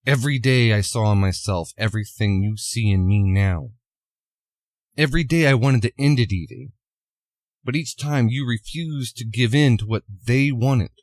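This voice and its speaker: A man voicing a calm, solemn masked male vigilante, speaking in a measured, earnest way. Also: medium pitch, dry recording, close to an everyday voice.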